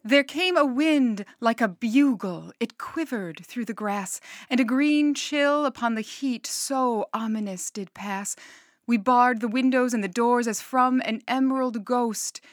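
A woman's voice: a little high, dry recording. Woman reciting poems in a dry room. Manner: measured, clear recitation. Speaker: guest poetry reader. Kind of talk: poetry reading.

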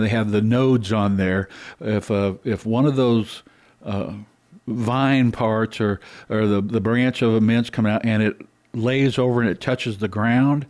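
A man's voice: on the low side, a little mellow. A middle-aged man hosting a gardening talk, folksy and rambling with lots of fillers and restarts. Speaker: gardening show host.

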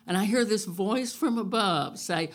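Woman storyteller at a live show, slow unhurried delivery, wry and animated. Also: medium pitch. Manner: wry and animated, loud cattle calls. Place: stage at a live event.

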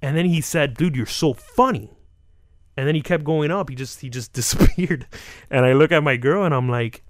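A man in a casual interview, telling comic stories and slipping into short acted-out quotes. His pitch sits in the middle and jumps around. The sound is dry and close. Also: fairly quick, dry recording. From South Florida. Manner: animated, acts out quotes with laughs. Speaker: comedian guest.

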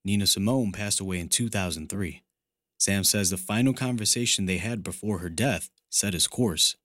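Deep-voiced male radio reporter. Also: normal speed, a bit bright, no room sound. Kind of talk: scripted news narration.

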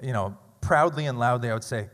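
A man in his thirties telling a funny, self-deprecating story live on stage at a story slam, with loud bursts. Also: medium pitch, brisk. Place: large theater stage. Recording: long hall reverb.

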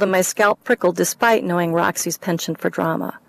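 A woman, the author, reading her first-person mystery novel aloud in a wry, expressive way. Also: lowish voice, moderate pace, gravelly, hardly any pauses, poor audio.

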